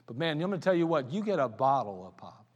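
A male pastor preaching a folksy sermon, telling stories and swinging from loud to quiet. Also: a little high, very animated, quick pace, muffled recording. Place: church sanctuary. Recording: long hall reverb in a church.

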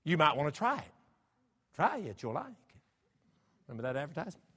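A man preaching in a church sanctuary, his high voice swinging widely in pitch as he presses rhetorical questions on the congregation. The sound is bright and ringing, carried by a long hall reverb. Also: big pitch swings, fairly quick, husky. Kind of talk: sermon.

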